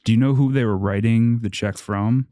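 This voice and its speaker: A man co-hosting a comedy podcast, mostly giving short, low-key replies. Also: fairly even intonation, moderate pace, warm tone. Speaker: podcast co-host. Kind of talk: casual podcast chat.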